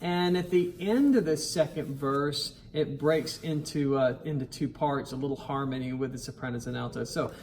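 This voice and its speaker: A man teaching a choir its parts, singing the lines, counting in and talking in a relaxed, encouraging way over loud piano. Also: mid-range voice, normal speed, few pauses, slight background noise. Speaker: choir director. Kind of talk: choir rehearsal tutorial. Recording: piano music loud behind him.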